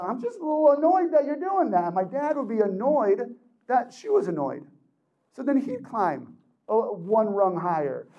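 Man, high voice, mellow tone, animated motivational talk, acts out voices, laughs a lot. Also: a little hiss or hum, rough recording. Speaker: speaker addressing teens. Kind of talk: motivational talk to a live audience.

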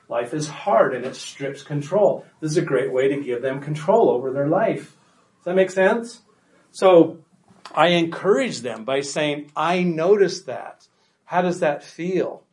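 A man with a somewhat high voice gives a workshop talk to parents, conversational and emphatic, often pausing to check that the room follows him. He is caught from a distance, and the room adds a noticeable echo around his voice. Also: darkish tone.

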